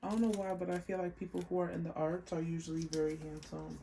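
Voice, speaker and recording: A woman giving a casual pick-a-card tarot reading, chatty and unhurried as she lists card words one by one. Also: lowish voice, little pitch movement, creaky, mellow, a little hiss or hum. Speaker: tarot reader.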